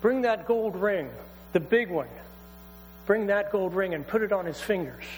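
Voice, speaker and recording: A man's voice: high voice, sing-song, takes it slowly, a bit bright, pitched above the performer's own voice, exaggerated voice. A man preacher voicing a forgiving father who gives eager, urgent commands. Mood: joyful. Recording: hall reverb, faint mains hum.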